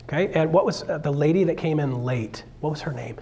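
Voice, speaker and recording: Animated high-voiced man coaching. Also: a little fast. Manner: joking, animated, acts out voices of clients. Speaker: real estate coach. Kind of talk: live seminar talk.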